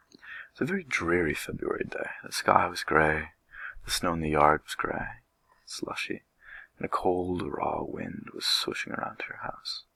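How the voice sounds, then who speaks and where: Very deep gravelly man reading a storybook. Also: no echo, rough recording. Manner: gentle, unhurried reading with light voices for characters. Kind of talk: children's book read aloud.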